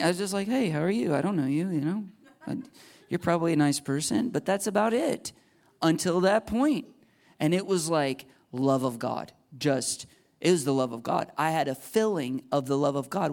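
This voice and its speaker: A young man preaches a personal testimony in a lively storytelling manner. His voice sits a little higher than most men's and jumps way up when he acts out his own thoughts. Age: young adult. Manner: animated storyteller, jumps into high excited voices for quoted thoughts. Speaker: pastor. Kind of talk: sermon testimony.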